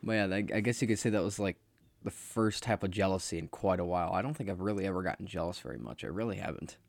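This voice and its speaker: A young man hosts a casual solo podcast, rambling bluntly and swearing freely. His low, gravelly voice moves at a quick pace, and the recording is dry.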